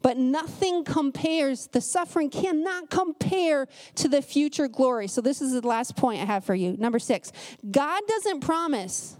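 Woman preacher with a high voice, casual sermon, lively storytelling delivery. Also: unhurried. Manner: animated storytelling, shifting pace. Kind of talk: conversational sermon.

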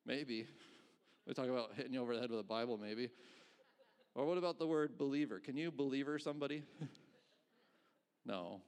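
A middle-aged pastor preaching in an easy, conversational way. He tosses out rhetorical questions and gives small chuckles between his points. His voice sits at an ordinary middle pitch for a man. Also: brisk, long pauses, darkish tone, clear, resonant tone. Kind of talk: sermon.

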